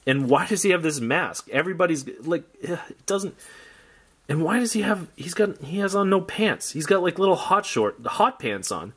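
A man's voice: sits high, expressive, normal speed, a bit bright, husky. Wry man rambling through a toy unboxing. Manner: rambling, wry, jokey asides. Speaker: toy collector vlogger. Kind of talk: casual unboxing commentary.

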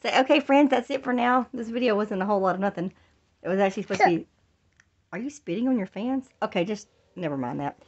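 A woman's voice: medium pitch, lively intonation, quick pace, muffled recording. Playful young mom coaxing her toddler. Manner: playful, laughing, coaxing baby talk. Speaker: mother filming her toddler. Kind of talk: casual family vlog. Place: home, on the floor indoors.

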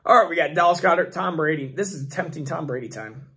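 A man hosting a fantasy football channel, his voice hoarse and failing, rambling through mock draft picks in casual commentary. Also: a little high, quick pace, pushed and bright. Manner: rambling, restarts often, thinks aloud.

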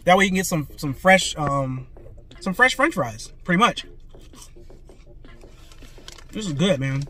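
A man eating and reviewing fast food in a parked car, talking excitedly and calling his viewers "guys" and "man". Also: a little high. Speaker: food vlogger. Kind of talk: casual food review vlog. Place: parked car, traffic passing outside. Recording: faint road noise from inside a car. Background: cars passing by.

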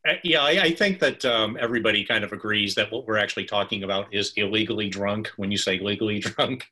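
A man's voice: lowish voice, quick pace, sharp tone. Amused, hesitant man on a web call. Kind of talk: casual web conference discussion.

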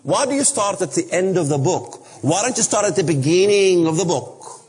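Man, preaching a Bible lesson, emphatic rhetorical questions, high voice, echoing hall. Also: animated, moderate pace, darkish tone. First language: Arabic. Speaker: speaker on biblical prophecy. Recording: long reverb of a hall.

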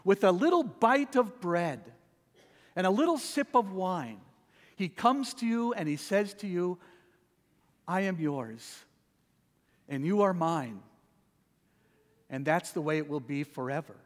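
A man preaching a sermon in a church, swinging from a soft hush to loud proclamation. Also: high-pitched, big pitch swings, moderate pace, in a large hall. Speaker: pastor. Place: church sanctuary.

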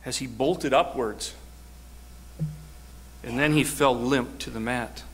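A man's voice: mid-range voice, steady tone, slow, a bit bright, a little hiss or hum. A man preaching a sermon, telling a personal story with earnest, rising emphasis.

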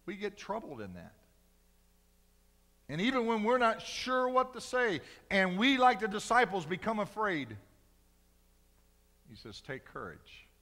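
A male pastor preaching a sermon in a church, swinging from loud cries to hushed, slow emphasis. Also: high-pitched, sing-song, big-room sound. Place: church sanctuary.

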